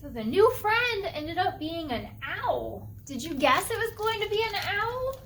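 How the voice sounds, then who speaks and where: A woman librarian leading a preschool storytime, gently asking the children questions. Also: extremely high pitch, big pitch swings, unhurried, slight background noise. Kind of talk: preschool storytime read-aloud.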